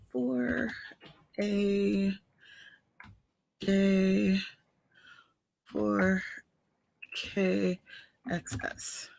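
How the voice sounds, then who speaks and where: A woman's voice: mid-range voice, fairly even intonation, extremely slow, gravelly, pauses often, a little mellow, no echo. A woman hosting a casual writing livestream, chatting with viewers and greeting them by name while complaining about a watering eye. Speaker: author and livestream host. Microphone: headphones with mic.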